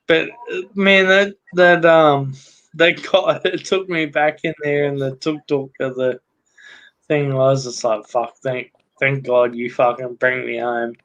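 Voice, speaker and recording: A man's voice: mid-range voice, level tone, unhurried, fairly bright tone, highs cut off. A middle-aged man with an Australian accent, hosting a casual talk stream and telling a rambling story, swearing constantly. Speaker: livestream host.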